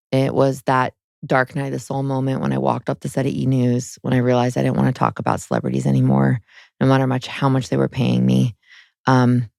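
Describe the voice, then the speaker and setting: A woman in her thirties speaks as an interview guest, frank and emotional, with lots of "like" fillers. Her voice has a gravelly, fry-laden edge. The sound is dry and close, with no room around it. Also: rumbling low, a little mellow, no room sound. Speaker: guest, spiritual guide. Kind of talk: candid personal interview.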